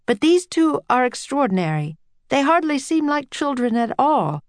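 Woman doing an eager polite young sailor, earnest, pitched up, dry sound. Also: sing-song, normal speed, dry recording.

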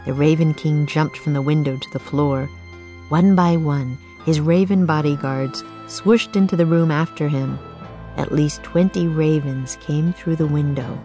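A woman narrates a children's adventure book in a calm, measured way. Her voice is low and slow-paced. The recording is dry and close with faint music underneath. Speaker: audiobook narrator. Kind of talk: scripted narration.

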